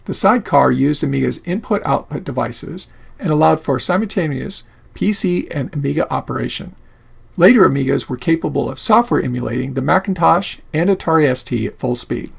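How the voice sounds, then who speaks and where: Male host-narrator, rough husky timbre, slightly high pitch, scripted delivery. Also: animated, fairly quick. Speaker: channel host.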